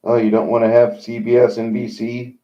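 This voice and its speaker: A man's voice: medium pitch, monotone, fairly quick, warm tone, highs cut off, pitched above the performer's own voice, lightly acted. A man voicing a scheming male government insider who talks in a sneering, sing-song way. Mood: mocking.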